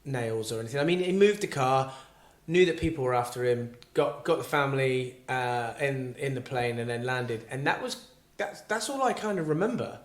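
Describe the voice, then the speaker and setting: A man's voice: medium pitch, lively intonation, normal speed, few pauses. A man in a casual podcast chat, offhand and rambling. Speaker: podcast co-host. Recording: roomy echo.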